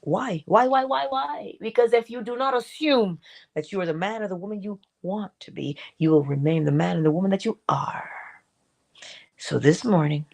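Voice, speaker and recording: A middle-aged woman hosting a morning inspiration talk, exhorting listeners with repetition and dramatic asides. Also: vocal fry. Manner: expressive, swings between high acted asides and low soft remarks; repeats and exhorts, drawn-out emphasis. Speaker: host of a morning inspiration stream. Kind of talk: spiritual motivational talk.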